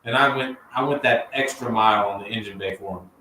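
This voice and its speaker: A man speaking as a livestream guest, excited and chatty, who keeps saying "man" and "dude". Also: lowish voice, brisk. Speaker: guest detailer. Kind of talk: casual livestream chat. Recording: roomy, distant mic with faint background hiss.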